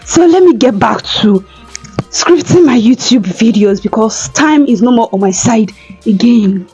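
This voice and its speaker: A young woman chats informally to her viewers from home, giggling now and then. Her voice is mellow and a bit dark. The sound is slightly dull, with faint music behind her. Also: fairly high pitch, expressive, measured pace, slightly rough. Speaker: vlogger. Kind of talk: casual vlog chat.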